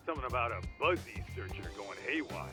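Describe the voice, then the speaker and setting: A man's voice: medium pitch, expressive, fast, pushed and bright. A man voicing a laid-back adult male detective buddy in a video game, joking and laughing easily. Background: game music.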